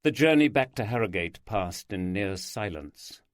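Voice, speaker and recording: A man narrating a crime audiobook in a measured, even storytelling manner. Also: lowish voice, no room sound, studio quality.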